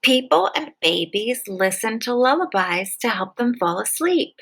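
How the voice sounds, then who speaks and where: Slow, patient woman teaching phonics. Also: a little high, very animated, gravelly, fairly bright tone, low-quality recording. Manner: patient, enunciating, drawn-out letter sounds. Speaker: kindergarten teacher. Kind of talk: slow, clear classroom phonics lesson.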